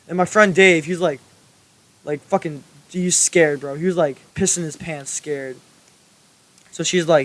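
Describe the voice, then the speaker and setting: A man's voice: on the high side, steady tone, moderate pace. A young man telling a school story in a casual, rambling way, full of fillers and swearing. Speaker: storytelling YouTuber.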